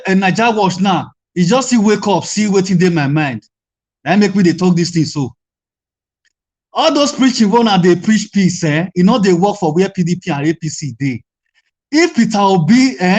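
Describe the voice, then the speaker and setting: A man's voice: high voice, a little mellow. A Nigerian man speaking as a panelist in a heated online discussion, emphatic and insistent, circling back to his points again and again.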